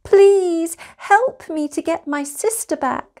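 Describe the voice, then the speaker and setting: Brief: small excited girl bear cub, high eager voice, a woman reading it. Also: normal speed. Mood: anxious, excited.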